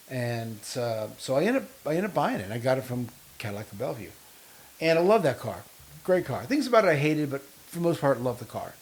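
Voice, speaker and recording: A man chatting casually on a podcast as a co-host. He spins long, lively stories and acts out the other people in them with quoted lines. His voice sits at an ordinary middle pitch. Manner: long animated anecdotes with quoted dialogue. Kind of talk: casual chat.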